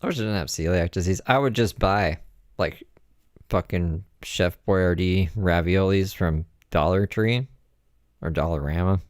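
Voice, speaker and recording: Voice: low-pitched, a little slow, no room sound, clean studio sound. A commentator making wry, sarcastic asides while reacting to video clips.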